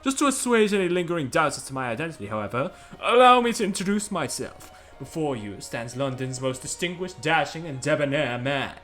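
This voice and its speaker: A man's voice: a little high, sing-song, brisk, hardly any pauses, fairly bright tone, soft background music, pitched above the performer's own voice. A man voicing a vain, pompous dandy who is proud of his fine suit, reading game dialogue aloud. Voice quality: haughty, self-admiring.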